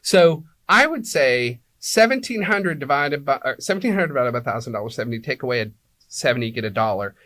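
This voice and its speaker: Man, interview guest, teacherly explaining, mid-pitched voice, dry close sound. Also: fast talker, fairly bright tone, dry recording. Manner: teacherly, checks in with "right?" and "okay?". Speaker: apartment locator.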